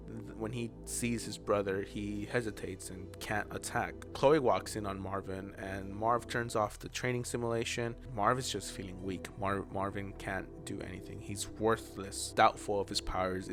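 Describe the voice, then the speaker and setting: A man's voice: on the low side, fairly even intonation, normal speed, few pauses. A young man casually recapping a show episode, rambling and chatty, with lots of "you know" and "like.". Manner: drops to an aside whisper now and then. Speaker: recap host. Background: background music.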